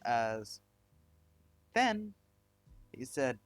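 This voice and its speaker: A man's voice: mid-range voice, a little slow, pauses often, no room sound. A man narrating a fan-made story, rambling with many fillers and restarts.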